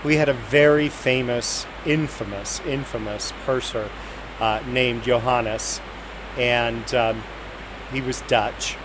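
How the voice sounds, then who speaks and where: A man's voice: mid-range voice, steady tone, slow. A man telling a work anecdote with amusement, acting out the voices of the people in it. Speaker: flight attendant guest. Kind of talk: casual storytelling. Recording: hissy noisy recording.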